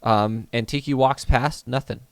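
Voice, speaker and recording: A man runs a tabletop game, drifting through his narration with loose fillers and restarts. His voice sits at an ordinary middle pitch and the recording is close and dry, with no room sound. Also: steady tone, a little slow, vocal fry, smooth, no echo. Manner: rambling, filler-heavy narration. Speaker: game master.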